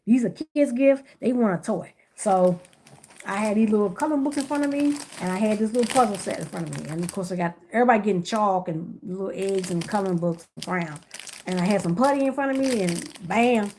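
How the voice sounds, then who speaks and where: A woman's voice: mid-range voice, a little fast, a little mellow, slight background noise. A middle-aged woman chatting casually on a live stream, greeting viewers by name while she works on gift baskets indoors.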